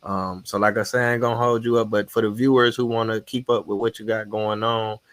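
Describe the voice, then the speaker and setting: A man's voice: lowish voice, little pitch movement, fairly quick, fairly bright tone, dry recording. A man hosting a podcast interview, laid-back and slangy, encouraging his guest. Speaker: podcast host. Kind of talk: casual interview chat.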